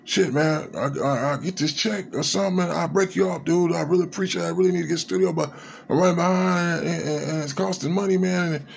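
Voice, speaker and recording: A man playing a young would-be rapper with a raised, strained voice. He begs for a ride and rushes his words. He sounds worried about being late. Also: a little high, creaky, pitched above the performer's own voice. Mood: pleading. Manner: pleading, hurried. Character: young male aspiring rapper begging a friend for a ride.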